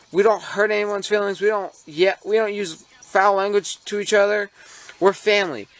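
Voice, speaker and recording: A man's voice: high-pitched, a bit bright, dry recording. A young American man ranting casually about railroads, rambling and indignant, with many fillers and restarts, filmed on a handheld camera in his model railroad room at home. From United States. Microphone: handheld camera mic.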